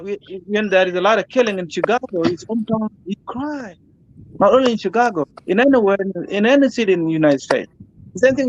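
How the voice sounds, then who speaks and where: A man's voice: high-pitched, muffled recording. A man, a guest in an online interview, making a grieving, impassioned plea that circles back on its words. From South Sudan.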